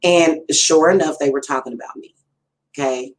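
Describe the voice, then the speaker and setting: A woman's voice: sits low, steady tone, normal speed, low-quality recording. A middle-aged woman, a spiritual reader chatting casually to her viewers, rambling and addressing them directly. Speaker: spiritual reader and channel host. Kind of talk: casual livestream talk.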